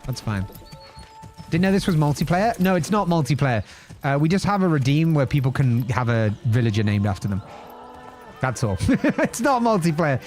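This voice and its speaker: A man's voice: fairly high pitch, very animated, normal speed, long pauses, a little mellow, soft background music. A young man, chatting playfully as he streams gameplay and greets viewers. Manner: playful, chatty, jokes and laughs often. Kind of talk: live-streamed gameplay commentary.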